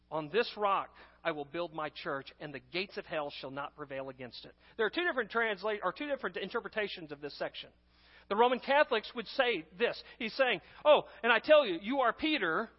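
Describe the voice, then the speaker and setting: A man preaching a sermon as pastor, emphatic, swinging between loud stresses and hushed asides. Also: very high-pitched. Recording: long hall reverb, dull lo-fi sound.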